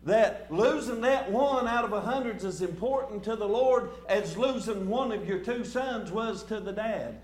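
High-pitched guy preaching, folksy, lots of uh and repeats, echoey church with a bit of hum. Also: normal speed, hardly any pauses. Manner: folksy, repeats words and stumbles into fillers. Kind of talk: sermon. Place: church sanctuary.

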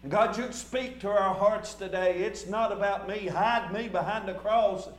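High-voiced man preaching a folksy sermon. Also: unhurried, echoey room. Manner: folksy, repeats words and stumbles into fillers. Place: church sanctuary.

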